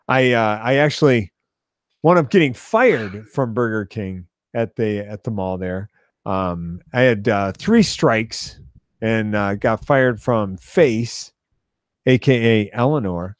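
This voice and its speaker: Brief: male podcast host, middle-aged, rambling anecdotes, deadpan, very dry sound. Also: lowish voice, no room sound. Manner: dry, offhand, with small laughs. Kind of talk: rambling storytelling monologue.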